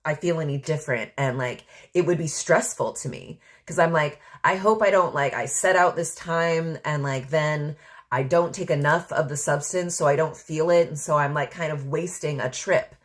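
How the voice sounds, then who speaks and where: A woman with a lowish voice talks solo on her podcast in a loose, reflective way. She rambles candidly and leans heavily on filler words as she thinks aloud. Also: normal speed. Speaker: podcast host. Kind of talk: casual reflective monologue.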